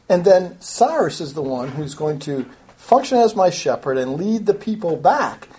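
Woman, slightly low voice, Bible teacher, verse-by-verse study lecture, earnest and emphatic. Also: dark tone. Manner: earnest, explanatory, rising to emphatic urging.

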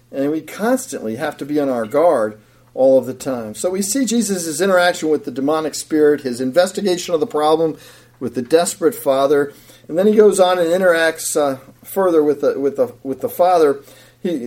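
A man preaching a sermon in an animated way, swinging between loud emphatic bursts and low, quiet asides. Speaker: pastor.

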